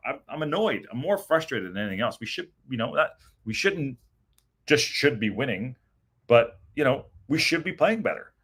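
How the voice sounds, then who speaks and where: A man's voice: mid-range voice, big pitch swings, normal speed, a bit bright, breathy edge. Frustrated rambling man reacting to a loss. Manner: frustrated, rambling, swears, reads viewer comments. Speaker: podcast host reading chat. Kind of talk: post-match reaction livestream.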